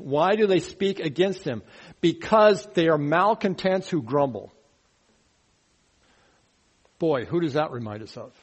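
Higher-voiced man preaching a sermon. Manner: teaching, asks the congregation questions; mocking grumblers in a rising, louder voice. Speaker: pastor. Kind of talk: verse-by-verse sermon.

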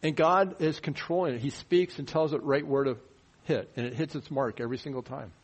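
This man's sermon feels conversational: he asks his listeners rhetorical questions and swings from quiet remarks to loud, emphatic bursts. He talks briskly in a mid-range voice that is slightly rough.

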